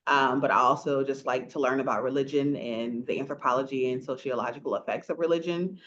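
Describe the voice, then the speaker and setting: A woman in her thirties from rural Florida, hosting a casual podcast chat as an animated storyteller who laughs often and acts out the people she quotes. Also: rumbling low, fairly quick, highs cut off. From rural Florida, USA. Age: 30s. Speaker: podcast host.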